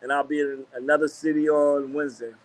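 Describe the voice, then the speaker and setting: A man's voice: a little high, flat delivery, quick pace, low-quality recording. A man guesting on an interview, speaking loosely, thinking aloud with many fillers and restarts. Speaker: guest music producer and DJ. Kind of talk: casual interview talk.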